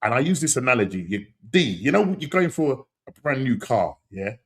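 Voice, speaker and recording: A man hosting a football podcast, talking in animated, slang-heavy banter and laughing often. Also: medium pitch, moderate pace. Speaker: podcast host.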